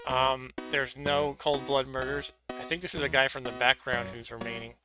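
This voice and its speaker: A man's voice: mid-range voice, steady tone, normal speed, music in the background. A man giving chatty, self-deprecating commentary while streaming an old computer game. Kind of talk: casual gameplay commentary.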